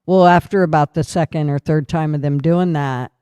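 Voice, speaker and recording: A man's voice: a little high, steady tone, normal speed, warm tone, clear, resonant tone, no echo, dull audio. A man hosting a casual talk show, telling rowdy stories with lots of swearing and laughter. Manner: profane, laughing storyteller. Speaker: podcast host. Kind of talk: casual storytelling chat.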